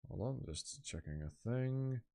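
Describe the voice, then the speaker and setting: A man's voice: medium pitch, expressive, a little slow, warm tone. Chatty British man reacting live. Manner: chatty, enthusiastic, self-deprecating. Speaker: reaction host. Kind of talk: casual live-stream commentary.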